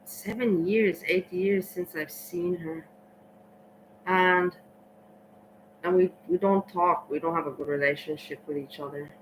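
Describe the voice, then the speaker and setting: A tired woman chatting casually in a vlog, rambling and halting with many restarts and fillers. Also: fairly low pitch, steady tone, slight background noise, rough recording. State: tired, slow thinking. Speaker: vlogger.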